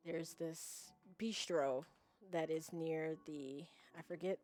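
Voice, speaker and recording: A woman's voice: sits low, steady tone, slow, darkish tone, soft background music. A young American woman chatting casually with her viewers while streaming a game, rambling and often laughing between remarks. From United States.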